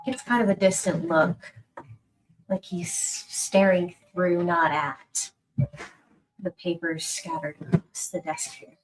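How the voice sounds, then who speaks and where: A woman's voice: fairly low pitch, fairly even intonation, slow, pauses often, slight background noise, poor audio. A woman narrating as game master of a tabletop game, chatty and given to laughing, dropping to a whisper for suspense.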